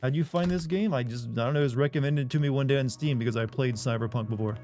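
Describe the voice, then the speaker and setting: A man's voice: mid-range voice, fast talker, a little mellow, faint music behind. A man streaming a video game live, joking wryly and reading the game's text aloud.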